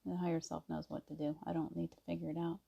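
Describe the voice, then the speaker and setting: A woman hosting a casual live stream, chatting gently and greeting viewers by name. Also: sits low, flat delivery, fast talker, vocal fry, breathy edge, dull audio. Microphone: device mic on a video stream.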